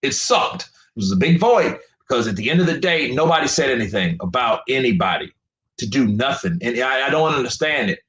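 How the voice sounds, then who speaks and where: A man talks straight into his stream, frustrated and emphatic, repeating himself as he swears his way through a rant. His pitch jumps around a lot, and the room behind him is echoey. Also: very animated, a little fast, fairly bright tone. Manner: emphatic, profane, repetitive. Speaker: boxing commentator streamer. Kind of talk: live stream commentary rant.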